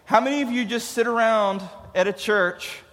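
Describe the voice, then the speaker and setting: A man gives a casual, joking youth sermon and laughs at his own jokes. His voice is high, and it rings out with a long hall reverb. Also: moderate pace, fairly bright tone. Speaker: youth pastor.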